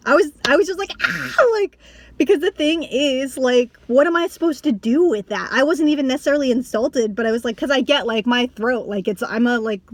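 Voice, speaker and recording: A young woman with a high voice vlogs casually to camera, talking a little fast and rambling with lots of "like," restarts and swearing. She's animated and breaks into bursts of laughter, in a dry recording.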